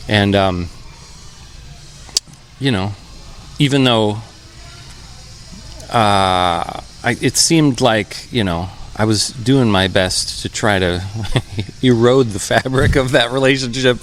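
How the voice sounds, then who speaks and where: A man in his fifties, a musician guest, talking in a relaxed, reflective way with many pauses and fillers, in a brewpub. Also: lowish voice, slight background noise. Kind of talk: relaxed conversational interview. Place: brewpub restaurant.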